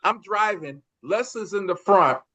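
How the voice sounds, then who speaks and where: An older man with a fairly high voice, recalling old team days in an easy conversation. He repeats his points and sticks up for an old friend. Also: expressive, a little slow, pushed and bright. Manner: protective, repeats himself. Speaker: former teammate. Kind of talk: casual chat reminiscing.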